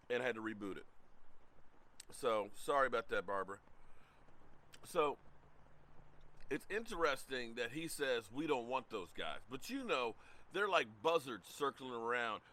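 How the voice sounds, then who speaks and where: Animated man hosting a sports livestream. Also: medium pitch. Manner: animated, talks to chat viewers by name. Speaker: livestream sports show host. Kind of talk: casual live-chat sports talk.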